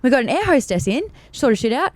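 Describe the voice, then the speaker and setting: A young woman co-hosting a podcast, casually telling an animated story and acting out the people in it. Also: sits high, brisk, dry recording. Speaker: podcast co-host. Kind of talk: casual chat.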